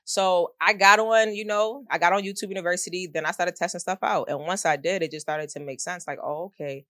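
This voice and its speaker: Animated storytelling woman, dry close sound. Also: fairly low pitch, brisk, no echo. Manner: animated storyteller, slangy and expressive. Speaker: guest, middle school math teacher. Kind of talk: casual interview conversation.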